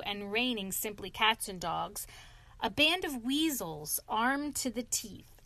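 Storybook: woman reading a sensible, lecturing rat friend, slow and dry. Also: on the high side, fairly bright tone, dry recording, heavily acted. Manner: earnest, lecturing. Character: sensible scolding male water rat.

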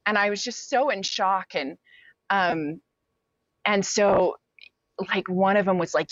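A woman's voice: mid-range voice, lively intonation, normal speed, a bit bright, dry recording. Candid woman telling her story, lo-fi. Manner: candid, with many fillers and quoted asides. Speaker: interview guest. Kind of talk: personal storytelling in an interview. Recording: dull, lo-fi sound.

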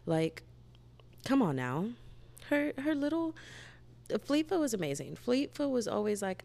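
A woman's voice: fairly high pitch, big pitch swings, unhurried, creaky, long pauses, mellow. A young woman chatting casually and animatedly as a book vlogger, gushing and rambling with lots of "like". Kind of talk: casual book review chat.

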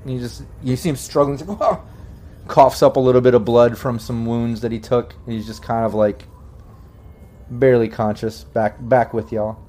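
A man's voice: mid-range voice, flat delivery, moderate pace, warm tone. A man running a tabletop role-playing game as game master, talking casually and swearing freely. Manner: casual, profane, acts out the captive in a raised voice.

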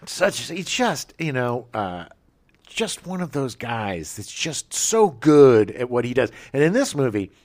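A man's voice: mid-range voice, sing-song, unhurried, a little mellow. A man co-hosting a podcast in casual chat, gushing about actors he admires. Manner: effusive, jumps into silly voices. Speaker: podcast co-host.

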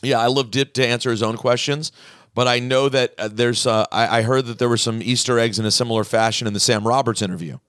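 Male podcast host, mid-pitched, close dry mic, animated mailbag reader. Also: quick pace, no echo. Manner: animated, reads listener emails aloud. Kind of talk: casual chat, reading mailbag.

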